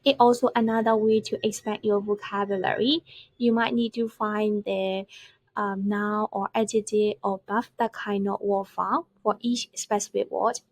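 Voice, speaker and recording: A woman teaching vocabulary over slides, explaining step by step and repeating words slowly to show their stress. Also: medium pitch, fairly even intonation, no echo. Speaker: English teacher.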